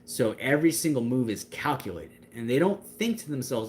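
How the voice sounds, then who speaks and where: Expressive and darkish in tone, at medium pitch and a moderate pace, a young man hosts a livestream and answers questions from chat. He talks casually and at length, gesturing with his hands amid fillers and restarts, with slight background noise.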